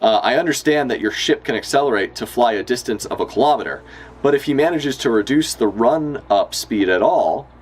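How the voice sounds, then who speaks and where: A man's voice: mid-range voice, lively intonation, brisk, close to an everyday voice. A man reading a manga aloud, voicing an earnest young genius girl who explains physics in a precise, lecturing way. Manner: precise, lecturing, matter-of-fact.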